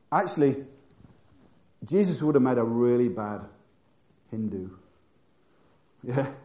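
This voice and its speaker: A man preaching a sermon who moves from loud, emphatic bursts to hushed, quiet passages. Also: mid-range voice, expressive, slow pace, pauses often, roomy sound.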